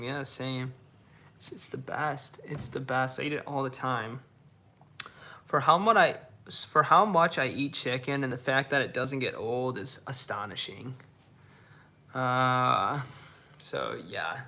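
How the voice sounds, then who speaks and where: A man's voice: medium pitch, pushed and bright, a little hiss or hum. A young man casually chatting on a live stream, reading viewers' messages aloud, laid-back and slangy, often repeating his own phrases. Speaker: livestreamer reading chat. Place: dark room indoors.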